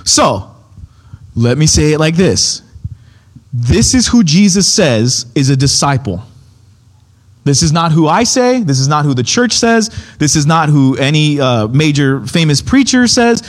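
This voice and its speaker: Male preacher, slightly high voice, casual, insistent Bible teaching. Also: sing-song, unhurried. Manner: emphatic, keeps checking in with "okay?"; repeats key points, restarts phrases.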